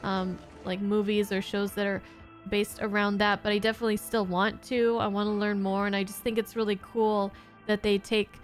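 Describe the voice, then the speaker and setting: A woman's voice: medium pitch, little pitch movement, moderate pace, faint music behind. A woman hosting her own channel, giving an earnest, heartfelt casual review of her favorite TV episodes. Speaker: YouTube reaction host.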